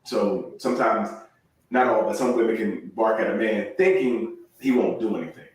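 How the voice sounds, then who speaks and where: A man's voice: fairly low pitch, moderate pace, a little mellow. A male podcast host chatting casually, laughing often and acting out little scenes with quoted lines. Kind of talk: casual chat. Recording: echoey room, far from mic.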